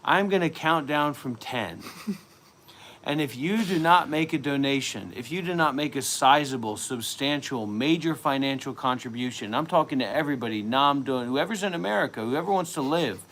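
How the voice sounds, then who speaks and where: A man's voice: mid-range voice, expressive, normal speed, a bit bright, slight background noise. Profane, ranting mock-guru man. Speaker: comic guru on a livestream. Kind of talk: comedic livestream rant.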